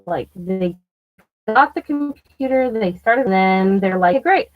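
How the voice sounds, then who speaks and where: A woman rambles through a work story for her vlog, her voice mid-pitched and plain. She piles on "like" and restarts her sentences, and she swears freely. The recording is dull and lo-fi, with faint music underneath. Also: animated, a little slow. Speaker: vlogger. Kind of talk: casual storytelling.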